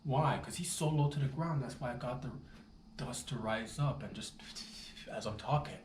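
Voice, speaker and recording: A man telling an absurd comic story in a rambling, swaggering, slangy way. His voice jumps up high when he gets worked up. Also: moderate pace, darkish tone, roomy sound, a little hiss or hum.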